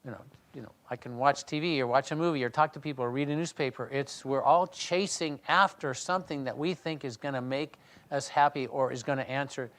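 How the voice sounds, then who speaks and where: A man leading a Bible study, reading scripture aloud and then talking it through in a conversational way, often restarting and clearing his throat. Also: medium pitch, steady tone, a little fast, fairly bright tone. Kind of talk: reading scripture and discussing it in a small group.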